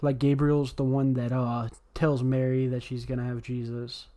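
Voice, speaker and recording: Chatty man, mid-pitched. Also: little pitch movement, normal speed, dark tone. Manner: chatty, offhand, swears casually. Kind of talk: casual chat.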